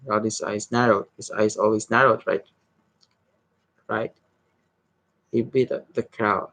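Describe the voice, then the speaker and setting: A man reading a novel aloud in a halting way, stumbling over words and restarting them. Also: fairly low pitch, steady tone, a bit bright, no echo, rough recording. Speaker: reader.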